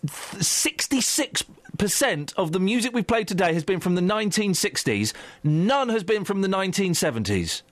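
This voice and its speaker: Playful radio host, lively voice. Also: male voice, high voice, normal speed, dry recording. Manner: joking, playful, laughs often. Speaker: radio presenter. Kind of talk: casual radio banter.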